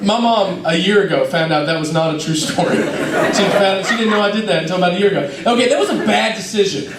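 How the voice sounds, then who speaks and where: Young man, high voice, youth minister, animated self-mocking storytelling, roomy hall. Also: quick pace, over a noisy crowd. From North Georgia, USA. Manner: lively, self-mocking storyteller who acts out scenes. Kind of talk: youth service talk with personal stories. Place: church hall. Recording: roomy hall, mic at a distance.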